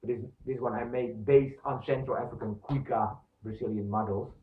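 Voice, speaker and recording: A man's voice: mid-range voice, fairly even intonation, brisk. A man teaching percussion, explaining step by step with many fillers and counting beats aloud. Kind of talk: instructional demonstration. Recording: echoey room, distant mic, thin phone-like sound.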